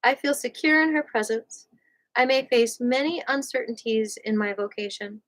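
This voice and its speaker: A woman from New York reading a nonfiction book aloud on a livestream, unhurried and leaning on her words. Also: fairly high pitch, fairly bright tone, low-quality recording. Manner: unhurried, leaning on words, breaks off for playful asides.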